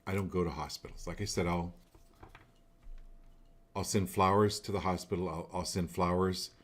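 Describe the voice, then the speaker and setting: Man, very low voice, psychic host, blunt coaching tone, repeats himself for emphasis. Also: fairly even intonation, moderate pace. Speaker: psychic card reader hosting a live show. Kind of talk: live-stream card reading.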